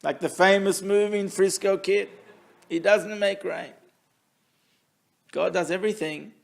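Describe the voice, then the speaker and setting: Gravelly-voiced rabbi giving his weekly class, bit high voice, tells stories w/ lots of life. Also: a little slow. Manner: animated storyteller, acts out quotes. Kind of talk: storytelling Torah lesson.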